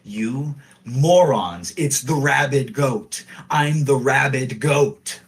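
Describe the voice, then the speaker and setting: A man putting on a cocky goat-horned bandit wrestler, boastful and showy, unhurried delivery, mid-pitched voice. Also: vocal fry. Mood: exasperated.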